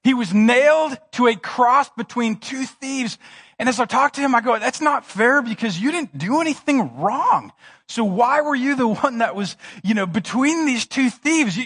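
A man's voice: high-pitched, a bit bright. A middle-aged man preaching a sermon, telling it as casual stories and acting out both sides of conversations. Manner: conversational storytelling, acting out dialogue with a friend. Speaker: pastor.

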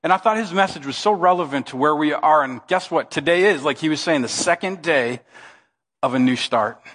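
A man preaching as pastor, telling a joke in an animated, playful way before his sermon. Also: fairly high pitch, fairly quick, in a large hall. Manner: joking, animated storyteller. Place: church sanctuary.

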